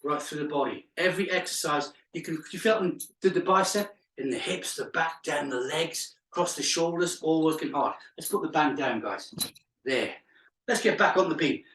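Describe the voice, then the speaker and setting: A male fitness instructor runs a live exercise class, counting reps out loud, tossing in chatty asides, and laughing at his own jokes. His voice is fairly high and fairly bright, at a moderate pace. The room is echoey and the mic sits far away.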